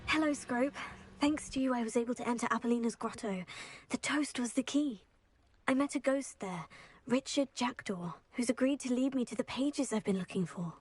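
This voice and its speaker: A woman's voice: a little high, moderate pace, no echo, natural voice. An actress voicing a polite, earnest young female student in a video game. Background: game music.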